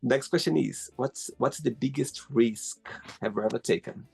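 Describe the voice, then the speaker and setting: A man hosting a casual interview, teasing his guest and asking halting questions. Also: medium pitch, vocal fry, darkish tone, breathy edge. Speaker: interview host. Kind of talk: casual interview over a call.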